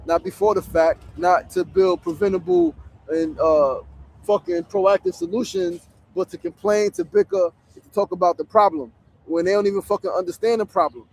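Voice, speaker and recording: A man's voice: sits high, big pitch swings, moderate pace, creaky, darkish tone. A man, hosting a casual livestream from a tent on a city street, talking bluntly with plenty of profanity. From New York. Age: 40s. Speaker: show host. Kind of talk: outdoor livestream talk. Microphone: phone streaming.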